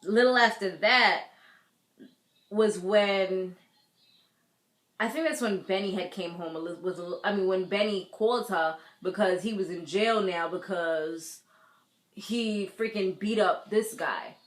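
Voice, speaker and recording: A woman recapping a TV episode in casual chat, animated, laughing often and acting out the characters' lines. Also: mid-range voice, slow pace, roomy sound. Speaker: TV recap vlogger. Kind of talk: casual recap with acted-out quotes.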